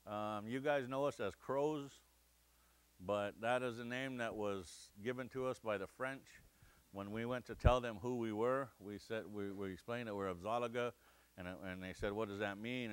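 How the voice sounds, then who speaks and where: A middle-aged man from Montana's Crow Nation giving a lecture, telling a funny story with lively acted-out shouts and quoted voices. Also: on the low side, smooth. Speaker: guest lecturer. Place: lecture hall.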